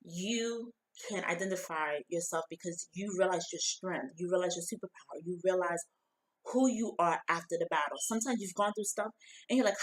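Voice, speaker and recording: A woman's voice: fairly low pitch, normal speed, rough recording. A middle-aged woman giving a heartfelt, emotional personal testimony, talking loosely with lots of "like" and "you know". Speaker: founder of a women's empowerment group.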